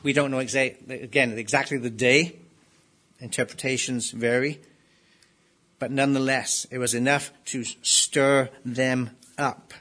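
A man's voice: mid-range voice, steady tone, a little slow. A man preaching an expository sermon, asking his listeners rhetorical questions and pressing hard on key phrases. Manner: emphatic, rising to loud stresses on key phrases.

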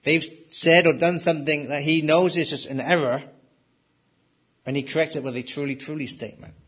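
Husky, emphatic male preacher. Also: on the high side, fairly even intonation, moderate pace, fairly bright tone. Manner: emphatic, rises and drops sharply for stress. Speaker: pastor. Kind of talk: sermon.

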